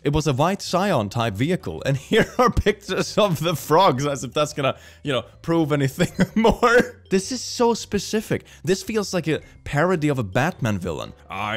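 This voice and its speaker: A young man reading posts aloud and reacting with sarcastic comments, laughing often. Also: a little high. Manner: sarcastic, laughs often, puts on silly voices. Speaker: reaction video host.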